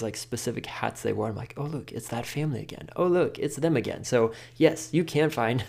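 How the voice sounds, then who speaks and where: Man, podcast host, casual advice talk, gravelly voice, chatty, lots of fillers. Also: mid-range voice, a little mellow. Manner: chatty, filler-heavy with frequent "like", laughs often.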